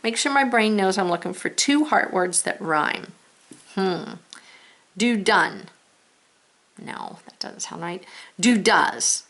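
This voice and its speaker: A woman's voice: mid-range voice, lively intonation, vocal fry, fairly bright tone. A woman teacher giving a patient spelling lesson to young children, sounding words out and reading along with them. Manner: slow, patient, reads along with pupils.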